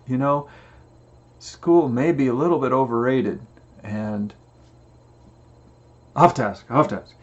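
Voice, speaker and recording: A middle-aged man giving a casual inspirational talk as a Christian family coach, telling stories and acting out the voices in them. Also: mid-range voice. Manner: storytelling, acts out quoted voices. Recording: slightly dull lo-fi recording.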